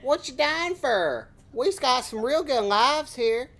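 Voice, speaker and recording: A woman's voice: high-pitched, lively intonation, slow pace, gravelly, a bit bright, pitched above the performer's own voice, full character voice. A woman putting on an exaggerated rural Southern accent, playing a boastful, folksy hillbilly country woman with a hammed-up twang.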